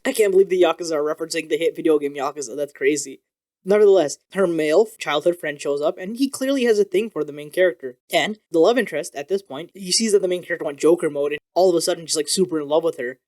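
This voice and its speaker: A man reviewing manga in a casual vlog, animated and excitable, swearing freely as he talks. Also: on the high side, fast talker. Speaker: video creator reviewing manga.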